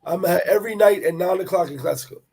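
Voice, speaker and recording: A man telling a personal travel story in animated, profane street talk, repeating words as he goes. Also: sits high, racing, creaky, a little hiss or hum. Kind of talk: casual storytelling chat.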